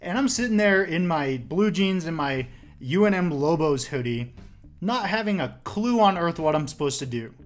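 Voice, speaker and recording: A man's voice: fairly high pitch, lively intonation, moderate pace. Rambling young man telling a story. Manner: rambling, filler-heavy, swears. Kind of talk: casual storytelling.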